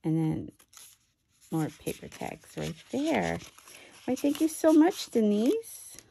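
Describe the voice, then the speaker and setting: A woman chatting excitedly while unboxing a craft swap package, with self-deprecating asides. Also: mid-range voice, slow, creaky, slight background noise. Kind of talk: casual unboxing commentary. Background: paper crinkling and clicks.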